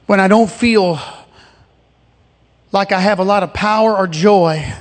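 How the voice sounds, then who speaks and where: High-voiced fervent preaching man. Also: unhurried, long pauses, in a large hall. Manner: fervent preaching, shouting at climaxes; conversational asides, repeated rhetorical questions. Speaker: pastor. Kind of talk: sermon.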